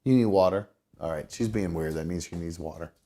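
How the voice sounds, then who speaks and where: A man's voice: sits low, fairly quick, dark tone. A man hosting a live call-in show, talking casually with lots of swearing and restarts. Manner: profane, rambling, with restarts.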